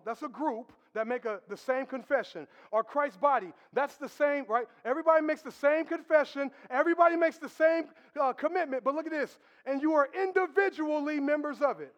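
Man, very high pitch, pastor, conversational sermon, church. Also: moderate pace, few pauses, big-room sound, lo-fi sound. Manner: conversational preaching with crowd asides, laughing.

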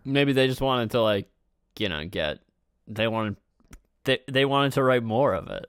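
Lively man chatting about a film. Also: mid-range voice, measured pace, clean tone, no room sound, clean studio sound. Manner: animated, laughs often, does playful impressions. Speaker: podcast co-host. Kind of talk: casual chat about a film.

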